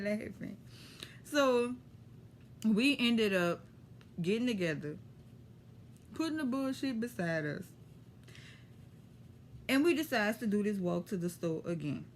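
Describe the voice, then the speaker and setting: A woman with a New Orleans accent telling a story to camera in a lively, profane, slangy way. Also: fairly high pitch, a little hiss or hum. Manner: animated, profane, street slang. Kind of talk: casual storytime.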